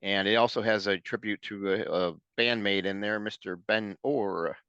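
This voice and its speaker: A man's voice: on the low side, steady tone, a bit bright, clear, resonant tone, no echo. Easygoing man hosting, dull lo-fi sound. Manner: easygoing, halting, many fillers. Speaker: co-host. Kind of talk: casual podcast chat.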